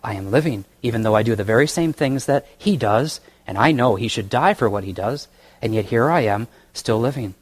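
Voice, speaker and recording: A man preaching a sermon in a church, reading scripture slowly and with emphasis, with soft asides and chuckles. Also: medium pitch, breathy edge.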